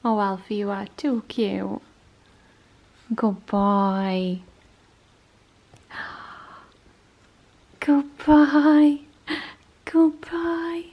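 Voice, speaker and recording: High doting woman cooing slowly. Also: lo-fi sound. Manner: doting sing-song baby talk with gasps and soft whispers. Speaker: vlogger. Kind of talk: casual vlog chat to her dogs. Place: home, indoors.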